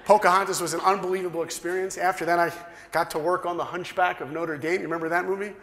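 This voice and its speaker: A man from New York telling a lively personal story to an audience and acting out the dialogue. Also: fast talker, a little hiss or hum. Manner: animated, acts out dialogue with big pitch swings. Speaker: speaker. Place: large hall. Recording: roomy hall echo.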